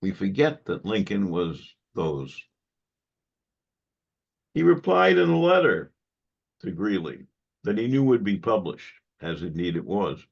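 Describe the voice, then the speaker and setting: A man giving a history lecture to a club audience, measured and given to wry asides. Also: sits low, very animated, gravelly, slightly rough. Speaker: guest lecturer. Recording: dull lo-fi recording.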